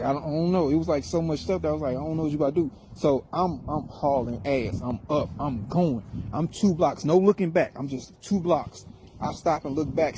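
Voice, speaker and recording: A middle-aged man telling a story in a casual monologue, animated, wry and full of swearing. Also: on the high side, slight background noise, low-quality recording.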